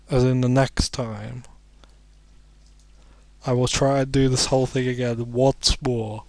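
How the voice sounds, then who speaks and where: A man's voice: mid-range voice, level tone, measured pace, long pauses, darkish tone, slight background noise. A sleepy man commentating a video game, rambling and making self-deprecating jokes between muttered asides. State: sleepy, yawning. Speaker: let's play commentator.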